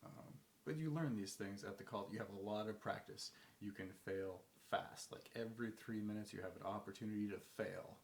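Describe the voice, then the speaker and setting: A man with a low, gravelly voice rambles through casual advice, full of fillers and restarts. He sounds like he is in an echoey room with a faint hiss behind him. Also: normal speed. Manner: rambling, many fillers and restarts, acts out phone calls. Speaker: vlogger giving advice. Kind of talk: casual talk to camera.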